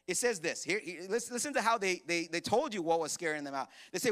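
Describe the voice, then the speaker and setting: A man preaching a sermon in a church, animated and joking as he acts out quoted voices. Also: sits high, fast, few pauses. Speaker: pastor. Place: church hall.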